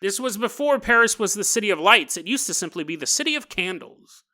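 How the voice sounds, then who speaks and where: A man's voice: high voice, expressive, brisk, sharp tone. A male podcast host telling a story in a joking, rambling way, laughing often. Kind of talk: comedic storytelling.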